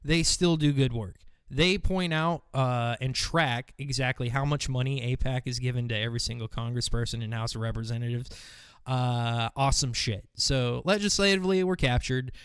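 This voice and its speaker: A man's voice: medium pitch, moderate pace, a bit bright, clean tone, dry recording. A man hosting a casual commentary show, talking in a rambling, profane, mocking way. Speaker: host.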